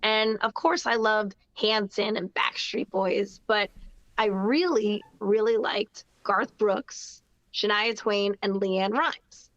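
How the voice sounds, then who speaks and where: A woman's voice: medium pitch, slow, a bit bright, dry recording. A woman with a New Jersey accent chats through her story, upbeat and full of fillers and restarts. Her voice sits in a middle range, recorded dry and a little dull, with no room sound around her. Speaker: guest singer-songwriter. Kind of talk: casual interview chat.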